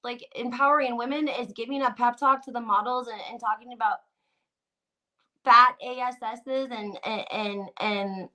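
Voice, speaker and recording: A woman's voice: fairly high pitch, moderate pace. Gossipy woman livestream host. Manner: animated, gossipy, many "like"s and restarts. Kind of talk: casual livestream chat reading viewer comments.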